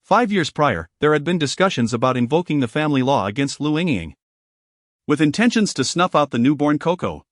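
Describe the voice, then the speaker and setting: Dry, even male audiobook narrator. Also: a little high, brisk, no room sound. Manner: even, formal storytelling.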